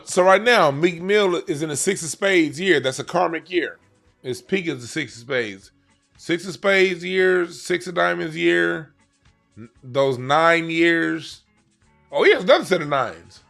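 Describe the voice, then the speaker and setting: A man's voice: fairly high pitch, gravelly, fairly bright tone. A man reading playing cards for a yearly forecast, talking casually in an emphatic, slangy way, often repeating and restarting his phrases. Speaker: card reader. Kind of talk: casual explainer monologue.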